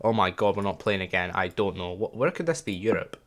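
A young man talks casually over gameplay, musing aloud as he guesses. His voice is fairly low, and his delivery is relaxed and self-deprecating. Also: a little fast, noisy background. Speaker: gaming channel host.

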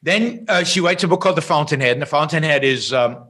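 A man as an interview guest, telling an anecdote in a lively way and often restarting his sentences. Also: a little high, fast, husky. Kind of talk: explaining and storytelling in conversation.

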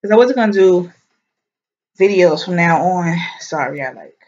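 A woman's voice: fairly low pitch, lively intonation, normal speed, a little mellow, lo-fi sound. A young pregnant woman chatting in a rambling, casual vlog update, a little stuffy-nosed and short of breath, with frequent ums and likes. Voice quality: nasal, stuffy. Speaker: vlogger.

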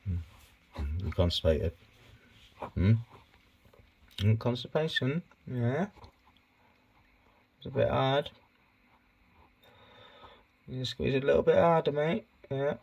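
A man talking softly and coaxingly to his pet hedgehog in a casual vlog. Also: lively intonation, slow, creaky, pauses often, slightly rough, lo-fi sound. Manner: soft, coaxing, low-key murmuring to his hedgehog. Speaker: pet keeper vlogger.

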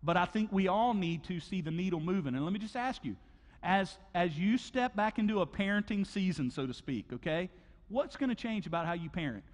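A pastor preaches in a lively, conversational way, acting out little stories with sound effects and swinging his voice up and down. His voice sits a bit higher than most men's. The long reverb of a large hall trails each phrase. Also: fairly quick. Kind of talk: sermon. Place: church auditorium.

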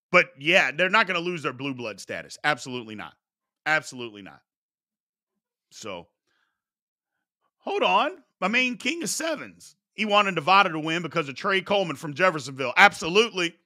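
A sports talk host, a man from Kentucky, riffs on college basketball in a bright, fairly high voice that swings up and down in pitch. He sounds exasperated and drives his points home by repeating them. His tone stays casual and chatty, as if answering his live chat. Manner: animated, exasperated, repeats himself for emphasis.

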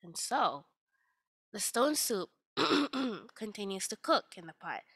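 Lady telling kids a story, slow and bright, dry close sound. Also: medium pitch, breathy edge, no room sound. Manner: lively, casual, talks to the children.

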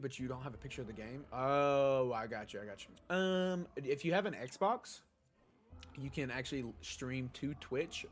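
A bit of hiss or hum sits under this young man's mid-range voice, recorded on a desk mic. He's a gaming streamer broadcasting from his home desk, chatting easily with his audience and fielding their questions as he plays.

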